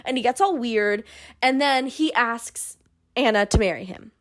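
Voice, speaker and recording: A woman's voice: on the high side, animated, a little slow. Sarcastic woman recapping a book. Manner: sarcastic, dry asides, swings into mock character voices. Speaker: book club host.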